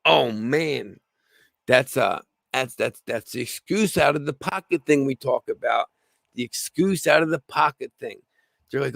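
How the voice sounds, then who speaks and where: Man, gravelly and a bit hoarse, rambling livestream host, fillers and restarts, dry close sound. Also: medium pitch, a little slow, a bit bright, dry recording. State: slightly hoarse. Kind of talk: casual rambling livestream talk.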